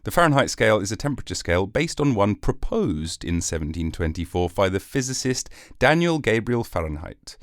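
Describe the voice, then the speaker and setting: A man hosting a rambling solo comedy podcast, jokey and animated, slipping into silly voices. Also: fairly low pitch, brisk, few pauses, no echo, clean studio sound. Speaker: podcast host.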